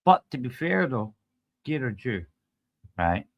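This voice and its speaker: A man's voice: mid-range voice, very animated, slow pace. A man with a Scottish accent, rambling through crude, sweary stream commentary.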